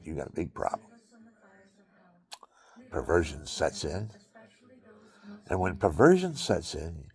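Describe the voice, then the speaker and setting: A man's voice: rumbling low, creaky, a little mellow. A man telling rambling, preachy stories and jokes in an offhand monologue. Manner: rambling, joking, preachy storyteller. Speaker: outdoorsman talking to camera.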